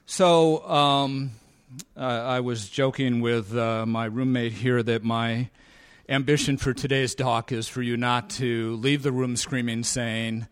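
A man in his fifties sharing his recovery story at a convention, halting with many fillers and a dry, sarcastic humor. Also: mid-range voice, steady tone, clean tone, dry recording. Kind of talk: personal talk at a convention. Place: convention meeting room.

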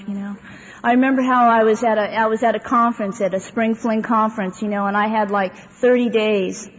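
A woman's voice: mid-range voice, steady tone, fast talker. A woman speaking to a live audience at a recovery meeting, telling her own story in a rambling, conversational way with lots of fillers and wry humor. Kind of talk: personal testimony talk to a live audience. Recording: dull, echoey hall recording with faint hiss.

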